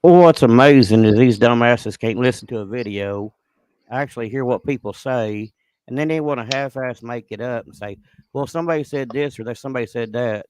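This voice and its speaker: A man's voice: medium pitch, brisk, a little mellow, clear, resonant tone, no echo. A man ranting in casual commentary, indignant and exasperated.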